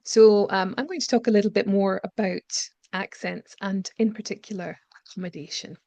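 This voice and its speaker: A woman teacher trainer presenting a webinar on accents, explaining in a measured way with frequent ums. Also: mid-range voice, steady tone, gravelly, mellow, dry recording. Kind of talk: lecture-style webinar presentation.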